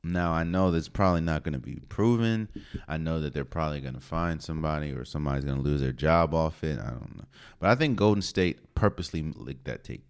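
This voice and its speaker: A man's voice: rumbling low, brisk, clear, resonant tone. A young man hosting a solo sports podcast, talking in a casual, slangy, opinionated way. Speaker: podcast host.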